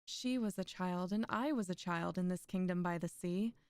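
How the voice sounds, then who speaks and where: Smooth-voiced young woman reading poetry. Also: lowish voice, moderate pace, no echo. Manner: chatty, laughs often between poems. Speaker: streamer reading poetry aloud. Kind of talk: poetry reading with casual chat asides.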